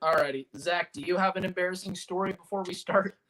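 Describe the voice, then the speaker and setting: A man's voice: high voice, fast talker, fairly bright tone, a little hiss or hum, low-quality recording. A man hosting a casual movie watch-along, telling stories with lots of laughter. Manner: chatty storyteller, laughs often. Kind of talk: casual chat.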